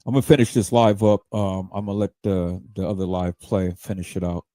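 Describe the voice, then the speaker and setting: A man's voice: deep voice, flat delivery, fairly quick, dark tone, no echo. A man hosting a livestream, ranting in a heated, profane way and stammering repeated words as he goes. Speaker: livestream host. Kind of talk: livestream rant.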